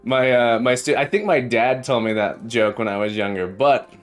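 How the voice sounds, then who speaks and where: A man's voice: medium pitch, normal speed. A chatty male programming teacher running a casual live-coding stream, with a middle-range voice. He tells jokes and repeats his phrases as he talks. Faint background music plays under his voice.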